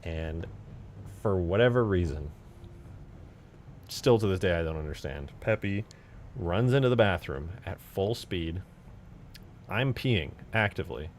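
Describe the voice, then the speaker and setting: A man's voice: low-pitched, expressive, measured pace, long pauses, a little hiss or hum. A young man hosting a game modding channel, chatting casually and rambling with lots of fillers and frequent laughs. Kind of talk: casual chat while modding.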